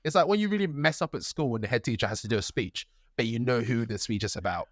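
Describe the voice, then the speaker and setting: Talking fast in a mid-range voice, a man co-hosting a podcast tells an animated story during casual chat, acting out the quotes. It's a dry, studio-quality recording.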